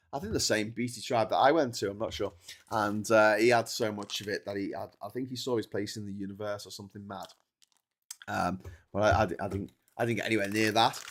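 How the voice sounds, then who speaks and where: A man hosting a long solo livestream sounds tired as he rambles along. He keeps restarting his sentences and breaks them up with fillers. His voice sits at an average pitch for a man. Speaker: livestream host.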